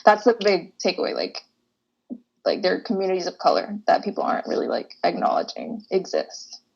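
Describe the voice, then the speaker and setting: A woman's voice: on the low side, huge pitch swings, fairly quick, creaky, darkish tone. A young woman from Boston chatting casually as a student panelist, full of filler words, over a video call. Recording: dull lo-fi call audio.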